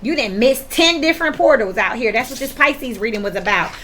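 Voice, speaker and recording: A woman with a fairly high, bright, forceful voice gives a casual tarot reading. She talks straight at the listener, blunt and slangy, cussing as she gets worked up. Faint noise sits under her voice. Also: expressive, fairly quick. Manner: blunt, profane and worked-up, with sudden laughs. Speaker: tarot reader.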